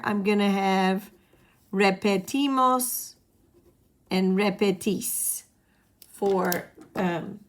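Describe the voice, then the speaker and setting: Slow, patient woman teaching a class. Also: mid-range voice. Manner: patient, drills students to repeat. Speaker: Spanish teacher. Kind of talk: classroom lesson at a whiteboard.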